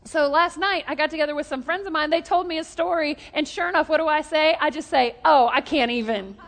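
Woman preacher, high-pitched, animated storyteller, recorded in a reverberant hall. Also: quick pace. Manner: lively storytelling with jokes, call-and-response to the congregation. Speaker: pastor. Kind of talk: sermon.

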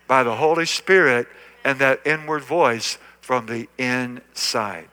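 Forceful older male pastor preaching. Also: mid-range voice, takes it slowly. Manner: emphatic, repetitive preaching with call-and-response. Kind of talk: sermon. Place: church sanctuary.

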